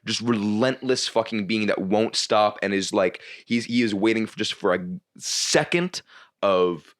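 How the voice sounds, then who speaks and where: A man's voice: lowish voice, a little slow, fairly bright tone. A man, a comedian, telling a long story on a podcast in a rambling, casual way, with many restarts and frequent swearing. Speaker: comedian guest.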